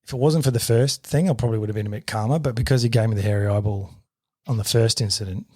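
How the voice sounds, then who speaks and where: Australian male podcaster, 30s, animated sweary storyteller, dry mic. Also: lowish voice, quick pace, slightly rough, no room sound. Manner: sweary, animated retelling with shouted quotes. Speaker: podcast co-host. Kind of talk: casual storytelling.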